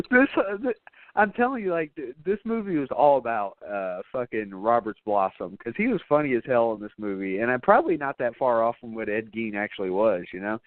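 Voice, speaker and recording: A man's voice: mid-range voice, animated, moderate pace, no room sound, phone-quality sound. A man hosting a podcast, recapping a movie in loose, rambling casual chat full of fillers and swearing. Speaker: podcast host.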